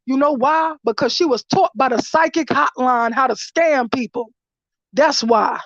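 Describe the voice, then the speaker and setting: A woman with a high voice tells a story as a casual, animated and profane vlog rant. Her voice is recorded dry, with a dull lo-fi sound. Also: a little slow, no echo. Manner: animated, profane, laughing through retelling. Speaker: vlogger.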